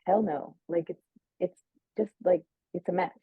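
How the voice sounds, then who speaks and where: A woman's voice: fairly low pitch, fairly even intonation, moderate pace, husky, no echo. A woman telling a personal story in casual chat, full of "like" and acting out quoted lines. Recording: narrow phone-like sound, dry.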